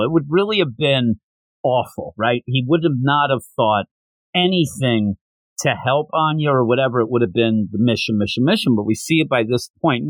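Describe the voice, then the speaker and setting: A man hosting a podcast, casually recapping a manga chapter and acting out the characters' lines with lively shifts of pitch. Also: no echo, rough recording. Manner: animated retelling with acted-out quotes. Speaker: podcast host.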